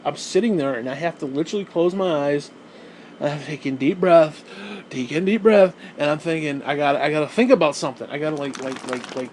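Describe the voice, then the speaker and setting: A man's voice: fairly high pitch, darkish tone, a little hiss or hum, low-quality recording. A man telling a rambling story in a casual rant to his viewers, repeating himself, swearing and laughing now and then. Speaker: gaming and wrestling video host.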